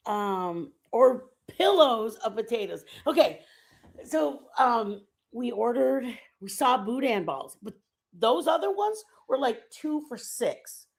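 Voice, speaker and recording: A woman streaming a casual chat, telling a rambling travel story in an animated way and laughing often. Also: on the high side, slow pace, creaky. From Texas. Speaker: stream host.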